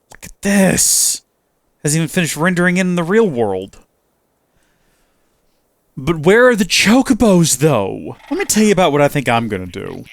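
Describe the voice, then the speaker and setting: Let's play host, male, slightly high voice, very animated, chats to himself while playing. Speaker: gaming channel host.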